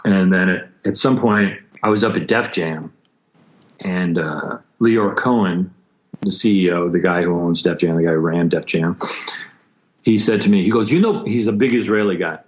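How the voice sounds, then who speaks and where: A man recounting a painful story as a podcast guest, intense and halting, with frequent restarts and acted-out quotes. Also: sits low. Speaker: guest musician. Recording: dull lo-fi sound.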